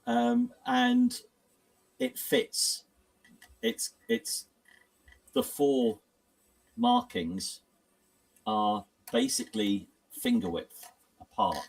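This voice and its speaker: A man's voice: very high voice, wildly swooping pitch, very slow, vocal fry, pauses often, far from the mic. A man running a tabletop horror game as game master, often hesitating and restarting sentences.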